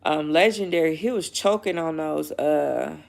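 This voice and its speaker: Young woman vlogging, lowish gravelly voice, blunt and cussing, laughs a lot. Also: a little slow. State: pregnant, feeling sick. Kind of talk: casual chat to camera.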